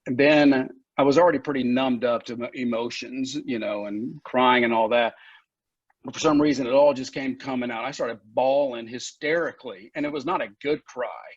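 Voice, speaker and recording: Here a recovery center founder speaks as a podcast guest, recounting his road to recovery with blunt, profane honesty, plenty of laughter, and flashes of emotion. He talks at medium pitch and a moderate pace. There's no room sound, just dull, lo-fi podcast audio.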